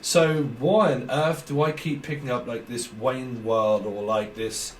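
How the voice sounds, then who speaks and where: A man's voice: medium pitch, fairly even intonation, a little slow. A man with a British accent giving a casual, rambling tarot reading, thinking aloud and laughing often. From Britain. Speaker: tarot reader. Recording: roomy echo, slightly distant mic, faint noise.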